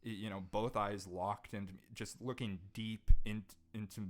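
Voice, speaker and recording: A man's voice: lowish voice, level tone, normal speed, soft background music. Earnest young man retelling a story. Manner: earnest, emotional retelling with frequent restarts. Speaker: podcast guest, jazz saxophonist. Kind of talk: casual storytelling in conversation.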